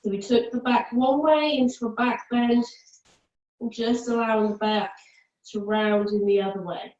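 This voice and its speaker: A woman's voice: fairly high pitch, normal speed, highs cut off. A woman yoga teacher guiding a class, cueing each movement to the breath and offering easier and harder options. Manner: calm cueing that follows the breath, with counts and options. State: out of breath at times. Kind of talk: guided yoga class instruction. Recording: echoey room, mic at a distance.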